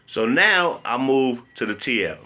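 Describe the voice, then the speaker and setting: A man telling a personal story in a blunt, profane, animated way. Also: mid-range voice, measured pace. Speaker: vlogger.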